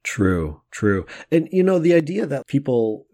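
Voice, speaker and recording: A man's voice: mid-range voice, sing-song, measured pace, mellow. A man co-hosting a podcast in casual chat, joking and chatty and laughing often as he talks. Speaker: podcast co-host.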